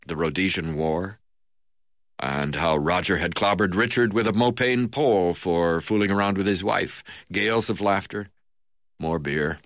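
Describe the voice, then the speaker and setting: A man narrating a memoir in the first person, halting now and then with "uh" fillers. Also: low voice, a bit bright, dry recording, clean studio sound.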